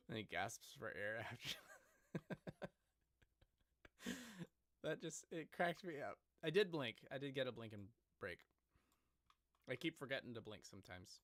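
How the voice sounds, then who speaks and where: A man's voice: mid-range voice, animated, measured pace, long pauses, fairly bright tone, no room sound. A man chatting casually on a live stream, rambling and joking at his own expense. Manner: joking, rambling, self-deprecating.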